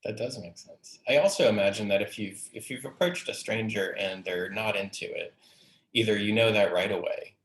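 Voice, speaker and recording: A man hosting an interview as a book editor, calmly reflecting back on what his guest said. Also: fairly low pitch, moderate pace. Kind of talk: interview conversation. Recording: roomy echo.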